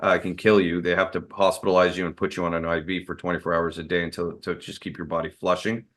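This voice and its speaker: The martial arts guest talks quickly in a low, slightly bright voice with little pitch movement. He tells stories openly on the interview show, wandering with fillers and restarts.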